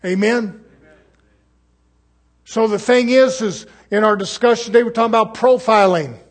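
Man, preacher, high pitch, raspy voice, fervent sermon, rhetorical questions. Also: moderate pace. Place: church service.

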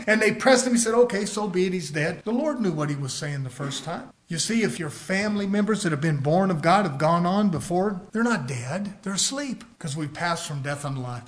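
A male preacher, delivering a fiery sermon that swings between hushed asides and shouted emphasis, in a folksy, emphatic way. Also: high-pitched, expressive, fairly quick, hardly any pauses.

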